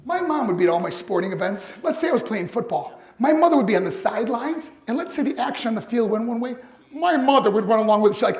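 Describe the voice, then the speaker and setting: A man's voice: very high voice, expressive, quick pace, a little hiss or hum. Man giving a roomy motivational talk. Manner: storytelling, acts out quoted voices. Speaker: motivational speaker. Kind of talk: motivational speech.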